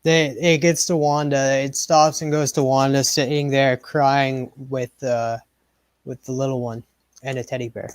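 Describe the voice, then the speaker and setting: A man's voice: mid-range voice, little pitch movement, unhurried, clear, resonant tone, no echo. A man co-hosting a casual comic book talk show, easygoing and laughing along. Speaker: co-host. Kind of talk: casual chat.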